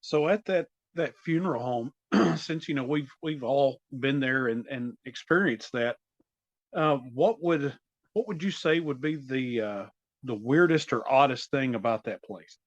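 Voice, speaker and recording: A man's voice: medium pitch, no echo, dull audio. Hesitant male podcast interviewer. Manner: asks slow, hesitant questions. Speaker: podcast host. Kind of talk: interviewing guests.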